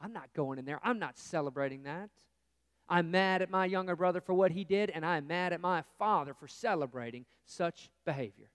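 A man's voice: on the high side, brisk, fairly bright tone, smooth, no echo, studio quality, big-room sound, close to an everyday voice. A man voicing a resentful, hardworking older brother who complains indignantly, as part of a sermon.

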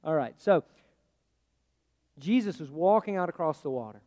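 Male pastor, sermon, high voice, chatty delivery with big shifts between loud and hushed, long hall reverb. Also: lively intonation, normal speed. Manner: conversational preaching, swinging from loud to hushed.

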